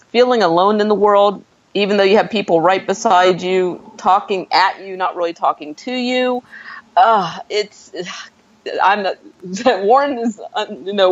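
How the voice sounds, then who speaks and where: A woman co-hosting a movie review podcast in casual chat, talkative and quick to laugh. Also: mid-range voice, dry recording. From North America. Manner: chatty, laughs often, quick asides. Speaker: podcast co-host. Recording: dull lo-fi dry sound.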